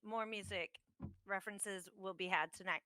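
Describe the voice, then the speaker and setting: A woman's voice: medium pitch, steady tone, normal speed, sharp tone, no room sound. A woman chatting as a tabletop game player, bubbly and giggly. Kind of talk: casual chat.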